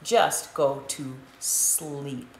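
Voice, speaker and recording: A woman voicing a storybook mother cat, fond and gently firm. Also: rumbling low, drawn-out words, pitched below the performer's own voice, heavily acted. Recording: echoey room with faint hiss.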